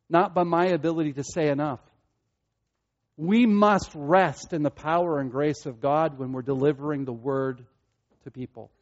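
Man, sermon, earnest, rising to excited bursts, somewhat high voice, dull lo-fi recording. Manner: earnest, repeats himself, builds to excited peaks. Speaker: pastor.

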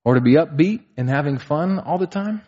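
A man's voice: fairly high pitch, lively intonation, fairly quick, darkish tone. A man in his thirties preaching a sermon, earnest, asking rhetorical questions and building to emphatic peaks. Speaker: pastor. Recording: slightly dull, muffled sound.

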